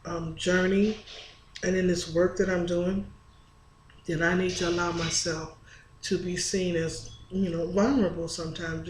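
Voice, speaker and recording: A woman's voice: fairly low pitch, a little mellow, a little hiss or hum. Earnest woman vlogging in an echoey room. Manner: earnest and candid, with frequent restarts. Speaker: spiritual vlogger. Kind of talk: casual confessional vlog monologue. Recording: echoey room with faint ambience.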